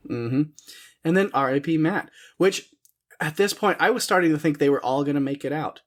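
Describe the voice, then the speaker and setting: A podcast co-host with a voice on the high side and a moderate pace chats casually while reviewing a film. He's wry and sarcastic, laughing often.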